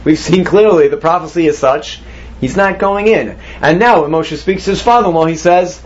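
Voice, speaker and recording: A man leads a Torah class, pausing to put questions to his students and weaving Hebrew terms into his teaching. His voice sits fairly high for a man. The recording sounds dull and lo-fi.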